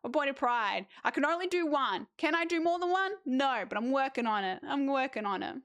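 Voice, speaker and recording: A young Australian woman chatting casually with viewers as a streamer, lively with animated asides. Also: sits high, brisk, dry recording, studio quality. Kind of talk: casual chat reading viewer messages.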